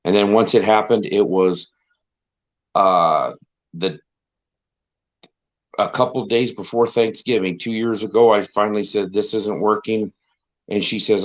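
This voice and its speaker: A man's voice: on the low side, fairly even intonation, moderate pace. A middle-aged man chatting on a live stream, rambling and wry and often repeating himself. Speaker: stream co-host. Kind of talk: casual chat on a live stream. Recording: slightly dull lo-fi stream audio.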